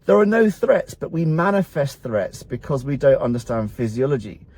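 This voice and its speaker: A man's voice: mid-range voice, sing-song, normal speed, darkish tone. A middle-aged man, a doctor giving a blunt, motivational health talk to camera that poses rhetorical questions and then answers them. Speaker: doctor at a men's health clinic.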